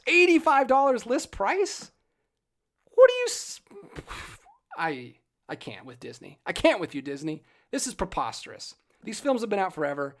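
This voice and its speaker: A man in his thirties hosting a casual live stream, animated and ranting with jokey asides while reading out chat. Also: high voice. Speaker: livestream host.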